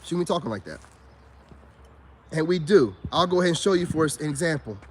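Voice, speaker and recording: High-voiced man ranting in casual slang. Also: quick pace, a little hiss or hum. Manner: animated, preachy, rising to high-pitched exclamations. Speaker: vlogger.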